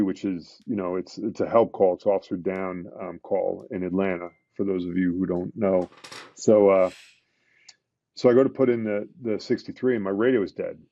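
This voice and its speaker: A middle-aged man speaks low and mellow, working through a painful memory in a casual interview. He stumbles, restarts and leans on fillers as he goes. The podcast audio is dull and close, with no room sound. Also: no echo. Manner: emotional, halting retelling with many restarts and fillers. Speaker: podcast guest, retired police detective.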